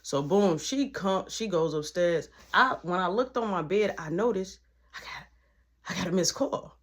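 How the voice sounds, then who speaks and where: A woman telling a casual storytime, animated and acting out every line of dialogue. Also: fairly low pitch, normal speed.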